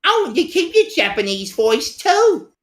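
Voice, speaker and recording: A woman's voice: high-pitched, sing-song, a little slow. A woman co-hosting a movie-riffing stream, sarcastically mock-quoting the characters. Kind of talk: casual movie-riffing chat.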